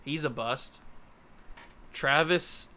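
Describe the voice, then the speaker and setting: A young gaming YouTuber hosts a playthrough of a football video game, chatting casually and poking fun at himself as he lurches between groans and yelps. His voice sits on the high side, strained and bright, and he speaks very slowly.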